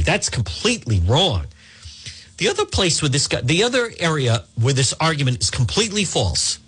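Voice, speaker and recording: Husky combative talk radio man. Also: a little high, fairly bright tone. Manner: combative, repeats himself, rhetorical questions. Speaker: radio talk show host. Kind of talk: opinionated talk radio monologue.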